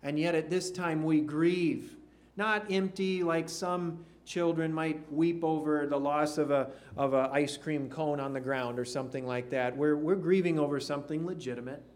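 A man preaching a sermon in an earnest way, sinking to a hush on key phrases. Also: a little high, fairly even intonation, moderate pace. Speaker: pastor.

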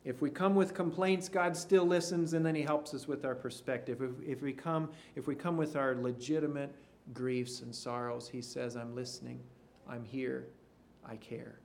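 A man preaching a sermon in an earnest way, sinking to a hush on key phrases. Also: a little high, normal speed. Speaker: pastor.

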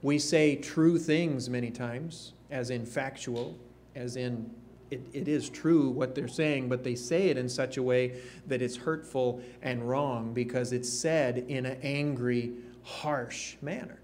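A man preaching a sermon, slow and emphatic, with rising questions to the congregation. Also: mid-range voice, fairly even intonation, a little mellow, a little hiss or hum.

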